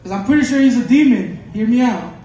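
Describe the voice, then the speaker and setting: Excitable high-voiced male comic. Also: fast, slight background noise. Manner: excitable, working himself into mock panic. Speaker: stand-up comic. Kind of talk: stand-up bit. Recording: echoey room from a distance.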